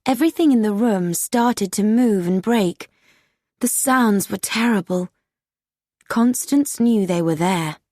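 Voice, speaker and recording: A woman narrating an audiobook story in a slow, clear storybook reading. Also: medium pitch, warm tone, dry recording, clean studio sound.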